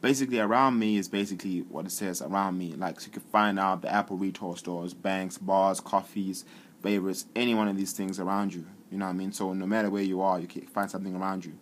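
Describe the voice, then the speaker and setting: Low-voiced guy showing off his phone apps, laid back and rambly, bit of hiss behind. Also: fast. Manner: relaxed, chatty, repeats himself. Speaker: app reviewer. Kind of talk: casual tech vlog demo.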